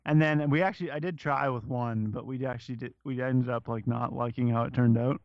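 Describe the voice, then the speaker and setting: A man's voice: medium pitch, fairly even intonation, a little fast, creaky, dry recording, highs cut off. A man co-hosting a podcast in casual chat, laughing often and swearing freely. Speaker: podcast co-host.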